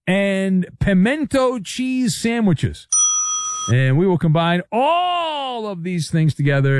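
Sarcastic, lively sports radio host, man. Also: high voice, measured pace, no echo. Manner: sarcastic, riffing, playful asides. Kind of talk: sports talk monologue.

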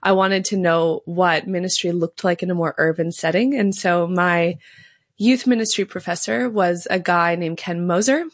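Woman with a lowish voice. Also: steady tone, moderate pace, no room sound, clean studio sound. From Canada. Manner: earnest, fluent storytelling with light fillers. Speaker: guest, pro-life advocate. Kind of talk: interview conversation.

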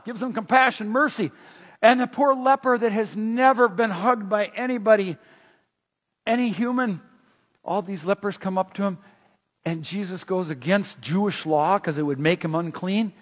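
A male preacher with a high voice and a moderate pace delivers a sermon, animatedly telling stories and acting out scenes while often stammering and repeating words as he restarts. The sound is muffled, with long hall reverb.

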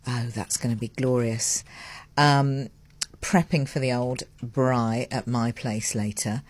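A woman hosting breakfast radio, chatting in a lively, self-mocking way with lots of asides. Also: very deep voice, slow pace, no echo. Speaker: radio host. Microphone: studio mic with headphones.

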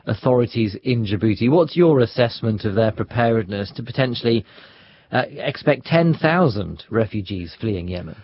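A man's voice: lowish voice, breathy edge, dry recording, lo-fi sound. A man presenting the news, putting polished questions to a correspondent live. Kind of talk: live studio interview.

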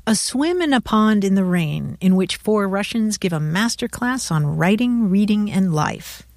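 A woman co-hosting a radio talk show, chatting casually and listening warmly. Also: medium pitch, lively intonation, unhurried, dry recording, clean studio sound.

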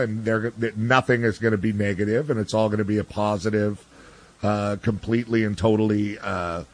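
A man's voice: mid-range voice, a bit bright. A man giving blunt, ranting sports opinions in casual talk, full of restarts and fillers. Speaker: sports commentator guest.

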